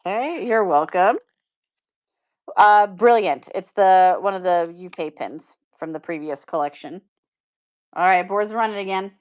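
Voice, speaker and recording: A woman's voice: mid-range voice, measured pace, clear, resonant tone. A woman hosting a live-stream pin auction, chatting casually and upbeat with viewers and laughing often. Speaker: live shopping seller.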